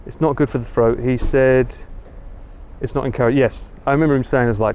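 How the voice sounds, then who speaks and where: A man with an Essex accent talks casually to his live-stream viewers from a city street, answering their comments as he goes. His voice sits at an ordinary middle pitch, with faint street and traffic noise behind him. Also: fairly even intonation, normal speed, a little mellow. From England. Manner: chatty, reads and answers viewer comments while walking. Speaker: livestream host.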